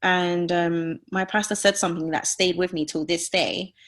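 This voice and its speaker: A woman's voice: on the low side, steady tone, normal speed, a bit bright. A woman in her thirties, a podcast guest, sharing a personal story in an earnest, confessional way, full of "like" fillers. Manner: earnest, heavy use of "like" fillers; openly emotional, confessional.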